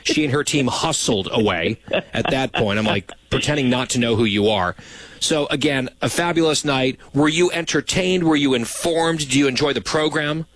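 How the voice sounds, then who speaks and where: A man hosts a talk show in easy, casual chat, ribbing his co-host with a dry, teasing wit. His mid-pitched voice sits close and dry, with no room sound around it. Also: moderate pace, fairly bright tone, dry recording.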